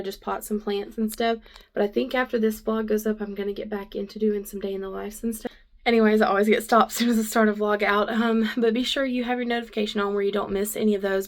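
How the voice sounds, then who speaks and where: A woman's voice: mid-range voice, quick pace. Breathless chatty woman vlogger. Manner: relaxed, chatty, with fillers. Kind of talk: casual chat.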